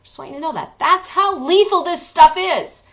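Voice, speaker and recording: A woman's voice: extremely high pitch, moderate pace, a bit bright, highs cut off. A woman teaching an online singing lesson, chatty and joking, breaking into sung examples. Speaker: vocal coach.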